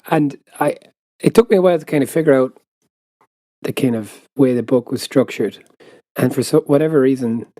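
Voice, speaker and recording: Laid-back Irish podcast co-host. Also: male voice, medium pitch, warm tone, dry recording. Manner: rambling, self-deprecating, laughs often. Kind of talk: casual chat.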